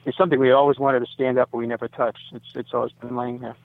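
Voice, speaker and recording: A man's voice: medium pitch, flat delivery, fast talker, no room sound. Man in his sixties, radio guest, phone-line audio, dry, meandering with fillers. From United States. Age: 60s. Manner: rambling, self-correcting, many fillers. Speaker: site owner, interview guest. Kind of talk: radio interview.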